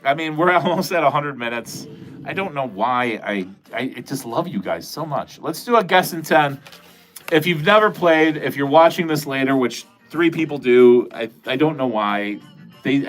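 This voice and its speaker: A man's voice: mid-range voice, animated, normal speed, fairly bright tone. Middle-aged male streamer from New England, loose and profane, chatty with viewers, faint music underneath. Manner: rambling, profane, jokey, talks to chat. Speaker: livestream host. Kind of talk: casual livestream chat.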